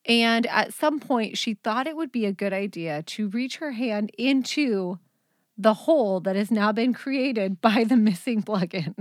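A woman's voice: a little high, expressive, unhurried, no room sound, clean studio sound. A mother hosting a podcast, chatting casually and rambling through funny family stories, often breaking into laughter. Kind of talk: casual chat, storytelling.

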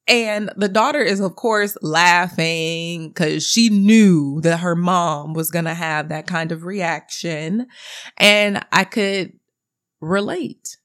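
A woman's voice: lowish voice, fairly bright tone. A woman in her thirties, a podcast host telling a story in a casual, candid way and swearing freely. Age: 30s.

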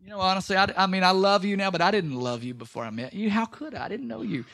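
Pastor, male, high voice, animated sermon delivery with big dynamic swings. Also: quick pace, gravelly. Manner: animated, swings from loud exclaiming to soft emphatic lines. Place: church.

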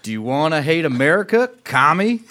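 A man's voice: fairly high pitch, big pitch swings, brisk, bright, forceful tone, pitched above the performer's own voice. A man voicing a brash male customer from the South, reading a review in a put-on Southern accent.

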